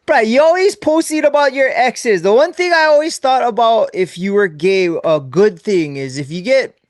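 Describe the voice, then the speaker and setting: High-voiced podcast host, dry sound. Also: male voice, normal speed, no room sound. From Hawaii. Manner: laughs often, teasing and relaxed. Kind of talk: casual chat.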